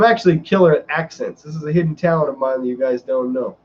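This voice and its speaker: A male vlogger chatting on a live stream, telling his story with rambling, animated energy. His voice sits a touch high. The lo-fi stream audio sounds a bit dull. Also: fast talker, few pauses. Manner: animated and rambling, with many fillers. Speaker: vlogger host.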